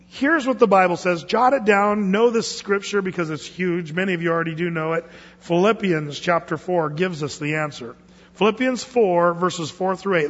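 A man's voice: sits high, a bit bright, breathy edge. A man preaching a sermon to a congregation in a conversational, joking way, asking them questions. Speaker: pastor. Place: church sanctuary. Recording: echoey hall, dull lo-fi sound.

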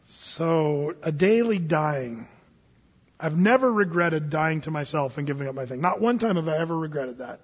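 A man preaching a lively, jokey sermon as pastor, acting out little scenes for his church. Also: a little high, normal speed, husky. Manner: animated, jokey, acts out voices. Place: church hall. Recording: echoey hall, dull lo-fi sound.

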